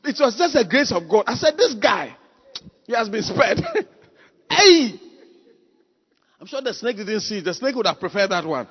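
A man preaches with a high, lively voice that swings up and down, husky at the edges. His sermon is full of animated stories and sudden loud cries. The sound is dull and lo-fi, ringing in a long church-hall echo. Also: a little fast.

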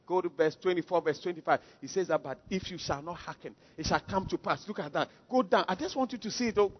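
A man preaching a sermon. He is emphatic, swings from quiet asides to shouted calls, and keeps asking rhetorical questions. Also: high-pitched, fast talker. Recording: dull lo-fi sound with long hall reverb.

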